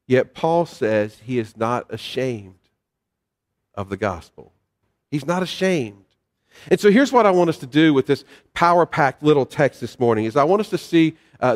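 Man, pastor, casual sermon delivery, church hall echo, mid pitch. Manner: conversational preaching with fillers and storytelling.

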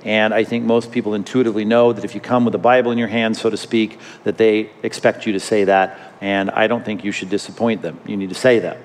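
A man's voice: on the low side, flat delivery, fast, hardly any pauses. A man preaching a sermon as a pastor, emphatic and repeating his key phrases. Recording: hall reverb.

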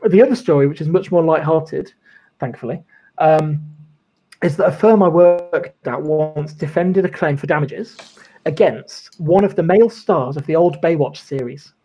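A man's voice: a little high, normal speed, mellow, slight background noise, low-quality recording. A man, a former lawyer, telling stories as a podcast guest in a chatty style, swearing and laughing often. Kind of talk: casual chat, storytelling.

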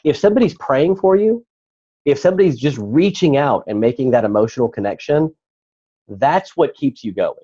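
Man, earnest, personal story, mellow voice, muffled sound. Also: medium pitch, lively intonation, normal speed, husky. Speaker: guest.

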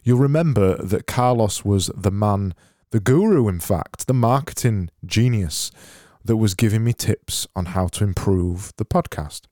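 Low, mellow British man rambling. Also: expressive, unhurried, dry recording. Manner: rambling, stumbling, dry self-mocking humor. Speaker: podcast host. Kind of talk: casual comedic monologue.

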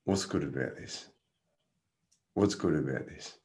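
A man's voice: a bass voice, unhurried. A man, a guest casually telling a story and laughing through it. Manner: animated, laughs through his stories.

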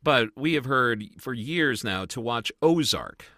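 A middle-aged man co-hosting a casual review podcast, telling stories in an animated, chatty way. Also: medium pitch, a little slow, no room sound, clean studio sound. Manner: animated, tells stories with lively asides. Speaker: podcast co-host. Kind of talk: casual chat.

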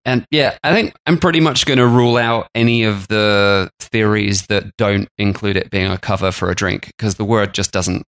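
A man's voice: fairly low pitch, normal speed, few pauses, fairly bright tone. A man with an Australian accent tinged with English, co-hosting a podcast in a casual, jokey chat. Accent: Australian with a slight English tinge. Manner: chatty, jokey, rising into exaggerated mock outrage. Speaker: podcast co-host.

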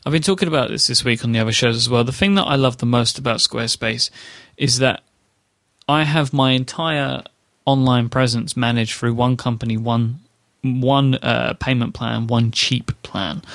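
A man's voice: medium pitch, fairly even intonation, normal speed, a bit bright, no echo. Chatty male podcast host, dry sound. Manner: chatty, enthusiastic ad read with fillers. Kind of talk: casual podcast chat with ad read.

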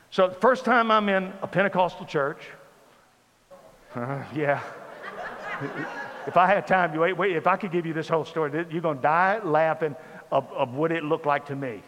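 Animated high-voiced man preaching in a hall. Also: brisk. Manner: animated, comic storytelling with acted quotes. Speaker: pastor. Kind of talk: storytelling sermon. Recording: reverberant hall with faint ambience.

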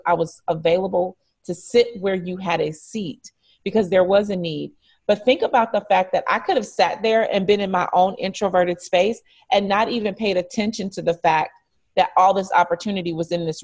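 A woman from Detroit tells a story to her interviewer at an easy, conversational pitch. She brings it to life by acting out the dialogue in lively voices. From Detroit, United States. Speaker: franchise regional director, interview guest.

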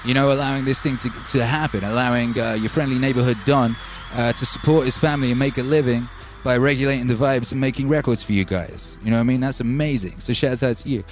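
A man hosting a relaxed livestream, rambling and reading out chat names. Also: mid-range voice, fast talker, few pauses. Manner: laid-back, rambling, calls listeners baby. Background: faint music.

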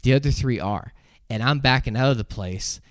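A man in his twenties telling a story on a podcast, animated, acting out other people's voices and laughing as he goes. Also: mid-range voice, moderate pace, dry recording, clean studio sound. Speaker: podcast co-host. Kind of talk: casual storytelling.

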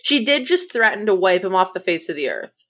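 In a casual recap chat, this podcast co-host retells scenes with quoted lines and laughter, full of animation. Her mid-range voice is sing-song, fairly quick and fairly bright.

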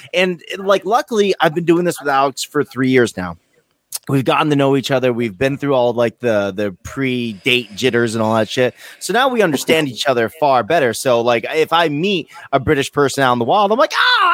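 An American man co-hosting a podcast, telling stories casually with lots of swearing. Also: mid-range voice. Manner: swearing, animated storytelling. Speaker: podcast co-host. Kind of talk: casual chat.

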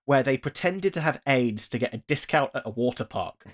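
A man's voice: medium pitch, lively intonation, brisk. A man co-hosting a podcast, recounting scenes in a rambling, chatty way. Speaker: podcast co-host. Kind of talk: casual chat.

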